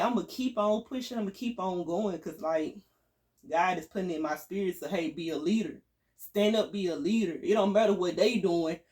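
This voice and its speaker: A vlogger giving an emphatic, preachy spiritual pep talk to viewers. The speaker uses casual slang, calls the audience y'all and repeats phrases for emphasis. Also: medium pitch. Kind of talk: spiritual motivational talk to camera.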